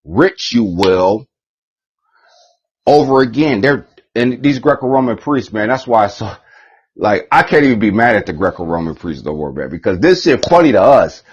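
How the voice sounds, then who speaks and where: A man giving a preachy, profane rant, repeating himself often, with a husky voice. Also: fairly low pitch, animated, moderate pace, dull audio. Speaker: vlogger.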